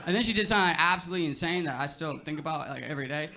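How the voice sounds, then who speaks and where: Young man, stand-up comic, slightly high-pitched, casual rambling delivery, noisy club recording, audience laughter. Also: expressive, racing. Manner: laid-back, filler-heavy delivery with frequent "like" and "you know". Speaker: stand-up comedian. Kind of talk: stand-up set. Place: comedy club stage.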